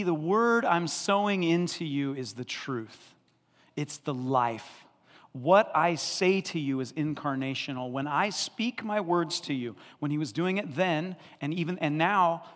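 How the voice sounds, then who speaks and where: A male pastor preaching an animated sermon, laughing often and acting out the people in the story. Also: a little high, long reverb tail.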